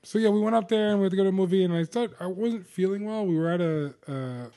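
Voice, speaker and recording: A man chatting on a podcast with a slightly higher voice than most men. He tells stories loosely and profanely, with quick jokes and asides. He sounds relaxed and conversational. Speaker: podcast co-host. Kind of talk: casual chat.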